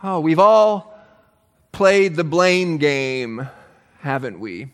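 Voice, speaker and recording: A man preaching a sermon as pastor, animated and emphatic, with touches of humor. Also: a little high, extremely slow, in a large hall.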